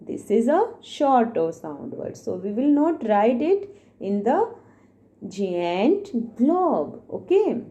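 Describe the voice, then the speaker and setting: A woman's voice: fairly high pitch, big pitch swings, takes it slowly, mellow. A woman teacher gives a phonics lesson to young children, spelling words out letter by letter and explaining patiently.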